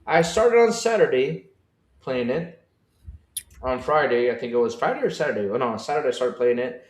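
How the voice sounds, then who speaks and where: A man co-hosting a casual gaming livestream podcast, talking to the chat, excitable and given to repeating his phrases. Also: mid-range voice, brisk, reverberant. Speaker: podcast co-host.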